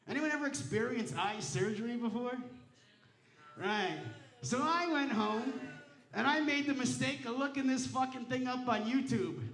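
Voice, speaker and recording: A man's voice: extremely high pitch, a bit bright. A man doing a stand-up comedy set on a casino stage, telling stories in a brash, profane, punchy way. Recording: roomy casino showroom sound.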